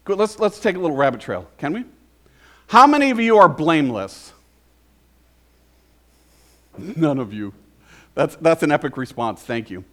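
A man's voice: a little high, big pitch swings, fairly quick, fairly bright tone. A man preaching a conversational sermon, often asking the congregation questions. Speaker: pastor.

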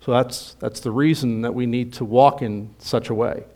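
A man preaching a sermon, emphatic and swelling loud on key points, then dropping low and quiet at the ends of phrases. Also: steady tone, moderate pace. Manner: emphatic preaching, rising loud on quoted passages. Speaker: pastor.

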